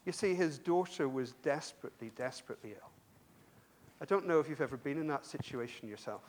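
A man's voice: medium pitch, lively intonation, a little fast. A man preaching a sermon in a conversational way, often repeating words and adding self-deprecating asides. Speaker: university lecturer.

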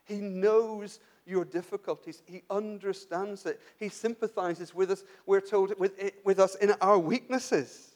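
High-voiced man preaching. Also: steady tone, measured pace, hardly any pauses. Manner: conversational, many restarts and rhetorical questions; drops to a soft, quiet voice for emphasis. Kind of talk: sermon.

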